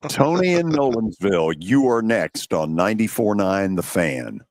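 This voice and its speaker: An older man hosting a sports talk radio show, steering the calls in a measured way. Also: on the low side, very animated, a little mellow, no room sound, studio quality.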